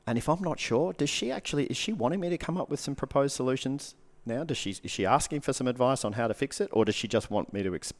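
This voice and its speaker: A man's voice: medium pitch, lively intonation, fast, hardly any pauses. A man, a guest coach giving earnest advice in casual podcast talk, repeating short punchy phrases.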